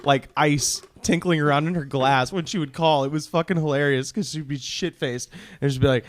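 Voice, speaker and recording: A man's voice: on the high side, moderate pace. Man telling a rambling story. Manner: rambling, laughing anecdote telling. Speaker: podcast co-host. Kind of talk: casual storytelling.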